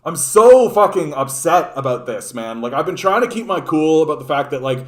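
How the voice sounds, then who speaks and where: A man's voice: on the high side, lively intonation, moderate pace, hardly any pauses. A man from Canada giving an angry, profane political rant, exasperated and sneering. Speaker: political commentator.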